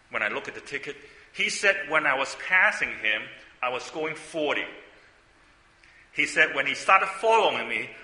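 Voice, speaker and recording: An older man preaches in a chatty, storytelling way, tossing out rhetorical questions. His voice is bright and sharp, and it rings through a roomy hall with a long reverb. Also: medium pitch. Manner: conversational storytelling, frequent asides and rhetorical questions. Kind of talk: sermon.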